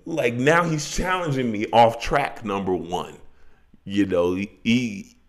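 A man's voice: mid-range voice, slow, faint music behind. A man talking through a song in a casual podcast chat, reflective and full of "you know" asides. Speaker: podcast co-host.

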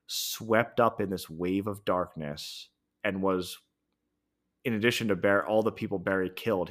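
A man's voice: deep voice, a bit bright. A man hosting a podcast, casually recapping a series finale and thinking aloud with frequent ums and self-corrections. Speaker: podcast host. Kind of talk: solo podcast review.

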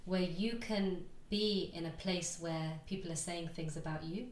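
Low-voiced woman, echoey room. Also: measured pace, a little hiss or hum. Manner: reflective, explanatory, with many fillers. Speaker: guest coach. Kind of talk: casual interview chat.

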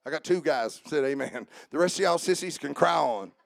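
A man preaching a sermon as pastor, shifting between shouted, rhythmic runs and a lower conversational tone, with jokes for the congregation. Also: expressive, fairly quick, vocal fry, no room sound. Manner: joking with the congregation.

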